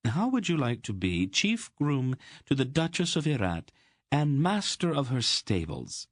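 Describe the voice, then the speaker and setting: A man putting on a brisk, commanding noblewoman. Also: mid-range voice, sing-song, no room sound, voice pushed up. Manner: brisk, dry, teasing. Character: commanding noblewoman, sharp and motherly.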